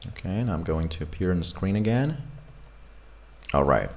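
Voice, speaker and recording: A man teaching English pronunciation in an online accent lesson, repeating example words slowly and chatting casually with fillers. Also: low voice, lively intonation, darkish tone.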